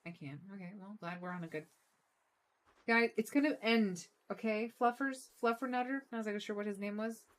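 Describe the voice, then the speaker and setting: A woman's voice: medium pitch, brisk. A woman giving casual, joking commentary while playing a video game and talking back to its characters. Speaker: let's play streamer.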